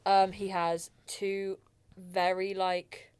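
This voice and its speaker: A woman's voice: medium pitch, level tone, very slow, a little mellow, smooth, dry recording. A young woman, hosting a podcast and telling a rambling story full of fillers and laughs. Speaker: podcast host. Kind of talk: casual chat.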